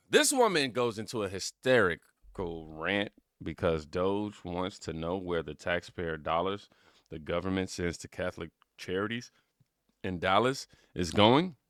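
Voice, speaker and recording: A man's voice: low voice, very animated, measured pace, dry recording, clean studio sound. A man hosting a reaction channel, chatting in a rambling, casual way straight to his viewers. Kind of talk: casual commentary.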